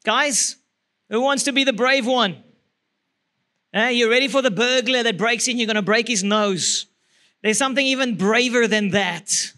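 South African man speaking at a church marriage seminar, very high bright voice, lively and laughing. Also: moderate pace. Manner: lively, laughs through his story. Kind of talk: storytelling church talk.

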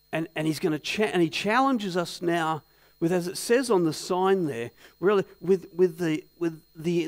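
A pastor delivers a sermon in a church. His voice sits high for a man. He keeps turning to the congregation with rhetorical questions and tells stories with lively animation. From Australia. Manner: animated storytelling.

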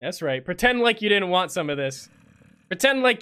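A young adult woman streamer giving casual gameplay commentary, excitable, swearing and breaking into shrieks. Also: on the low side, moderate pace, clean tone. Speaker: game streamer.

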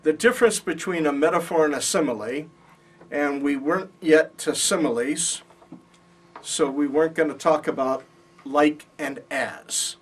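In this distant classroom recording, a man teaches at a Bible college, checking in with students and explaining patiently. His husky voice sits on the high side and moves a little slowly.

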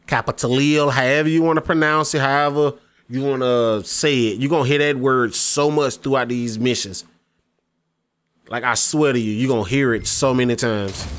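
A man casually commentating his gameplay, rambling and speaking straight to his viewers. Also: medium pitch. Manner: rambling, many fillers and restarts, addresses viewers directly. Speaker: gaming YouTuber.

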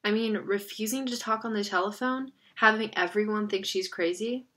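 A woman reads the part of a bossy teenage girl in a mid-range voice at a moderate pace. Her tone is bright and forceful, staying close to her everyday voice.

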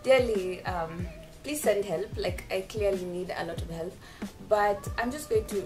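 A woman's voice: mid-range voice, lively intonation, measured pace. A young woman vlogging casually from home, chatty and self-mocking, laughing often as she talks to her camera. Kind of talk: casual vlog chat. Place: home bathroom. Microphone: camera set nearby. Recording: clear background music under the voice. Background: background music.

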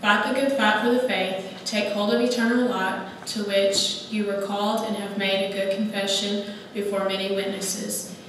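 A woman reading a scripture passage aloud during a church service, in a measured, even manner. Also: mid-range voice, distant mic, noisy background. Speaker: scripture reader. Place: church sanctuary. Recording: echoey church hall from afar.

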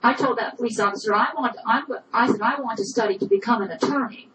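A woman's voice: on the high side, fast talker, noisy background. A woman telling a personal story with indignation, often repeating "I said" as she recounts arguments. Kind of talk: personal testimony.

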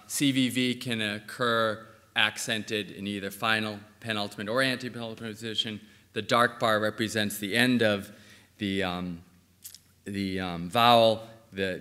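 A man with a lowish voice delivers an academic conference talk in a measured way, often pausing on "okay" and "uh". The sound carries a long hall reverb. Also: bright, forceful tone. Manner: measured, with frequent "okay" and "uh" fillers. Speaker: linguistics lecturer. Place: lecture hall.

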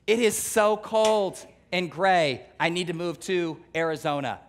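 A man putting on the voice of a whiny adult who complains about the weather, drawing out every word in exasperation. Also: high voice. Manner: drawn-out, exasperated whining.

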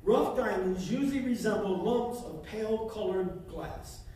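A man with a very high voice delivers a fervent sermon, hammering phrases again and again. He sounds set back from the microphone, and his words ring through a big, echoing church hall. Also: lively intonation, unhurried, warm tone. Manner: fervent, repeating phrases for emphasis. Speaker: pastor. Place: church sanctuary. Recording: echoey hall, voice from far off.

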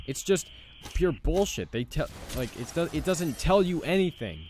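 A man's voice: on the high side, big pitch swings, measured pace, darkish tone, slight background noise. A young man giving let's play commentary as he plays, frustrated, swearing and repeating himself. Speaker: gaming channel host.

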